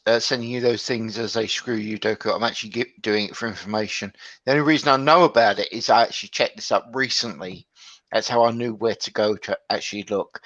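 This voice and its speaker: A man's voice: medium pitch, fairly bright tone, no room sound. A man in casual podcast chat who explains things matter-of-factly and jokes dryly. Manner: matter-of-fact, dry joking. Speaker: podcast co-host. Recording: dull dry lo-fi mic.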